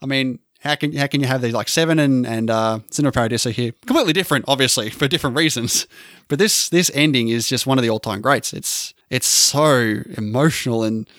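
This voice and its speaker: A man's voice: mid-range voice, fairly quick, fairly bright tone, dry recording, clean studio sound. A man co-hosting a podcast who explains film scenes at length in a rambling, chatty way. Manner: explanatory, rambling, fond of trivia. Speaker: podcast co-host. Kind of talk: casual film discussion.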